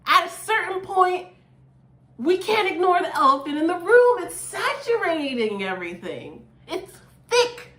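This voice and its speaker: A woman's voice: extremely high pitch, normal speed, roomy sound. A woman hosting her own channel, talking casually and expressively through song lyrics with lots of "like"s. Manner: chatty, expressive, many "like"s. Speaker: YouTube host reacting to song lyrics.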